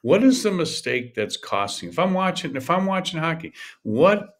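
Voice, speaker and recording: Emphatic older man coaching, lively pitch. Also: normal speed. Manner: emphatic, repetitive, restarts often. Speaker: podcast host, golf coach. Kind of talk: solo podcast monologue.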